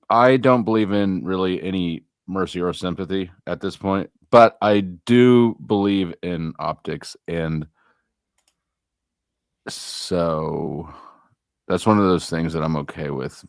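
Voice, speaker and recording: A man hosting a casual livestream chat, rambling and halting with many fillers. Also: sits low, vocal fry, dry recording, studio quality. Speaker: stream host.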